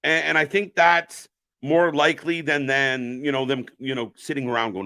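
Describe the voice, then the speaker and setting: Bright-voiced man cursing through live commentary. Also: medium pitch, fairly even intonation, normal speed, vocal fry. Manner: profane, rambling, jokey, chats with viewers. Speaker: live stream host reacting to wrestling. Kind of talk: casual live commentary reading chat.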